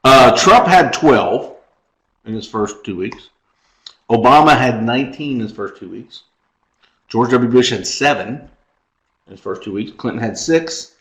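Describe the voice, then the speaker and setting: A man's voice: medium pitch, animated, a little slow, long pauses, a bit bright, reverberant, low-quality recording. A man co-hosting a podcast in casual chat, rambling through a story and laughing at his own jokes. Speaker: podcast co-host.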